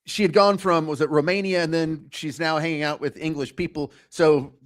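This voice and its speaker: A man co-hosting a podcast in casual chat, often halting and restarting his sentences. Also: fairly high pitch, steady tone. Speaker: podcast co-host.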